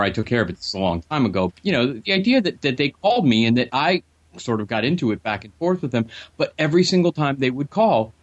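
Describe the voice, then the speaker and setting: A male podcast co-host rambles in casual chat with a sardonic, crude edge. His voice sits in a middle range. The audio is dull and slightly lo-fi. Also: mid-range voice.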